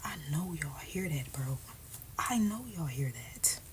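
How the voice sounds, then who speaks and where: Woman vlogger rambling while doing her hair, lowish voice, keeps dropping to a whisper, bit of hiss. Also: animated, measured pace. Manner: rambling and candid, often dropping to a half-whisper. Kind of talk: casual chat.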